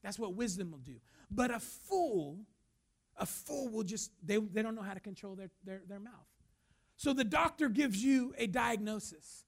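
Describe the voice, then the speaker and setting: High-voiced gravelly guy preaching, pastor going hard on his points. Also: expressive, moderate pace. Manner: emphatic preaching, acts out quoted voices. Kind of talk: sermon.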